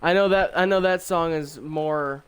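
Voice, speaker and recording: Slow, rambling young man on stream. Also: fairly high pitch, a bit bright, smooth. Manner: rambling and opinionated, with frequent fillers and restarts. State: tired. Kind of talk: casual chat while gaming.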